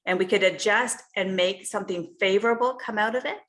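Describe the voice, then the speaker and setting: A woman's voice: mid-range voice, fairly quick, fairly bright tone. A woman health coach giving a casual coaching talk over a video call, speaking conversationally and often checking in with "you know" and "right?".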